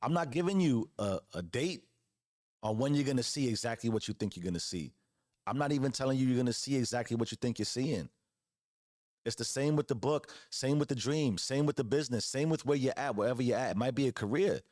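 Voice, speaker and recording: A man's voice: mid-range voice, lively intonation, fairly quick, a little mellow, dry recording, studio quality. A man in his forties giving an earnest motivational monologue as host, preaching with casual slang and repeated phrases. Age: 40s. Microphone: close podcast mic.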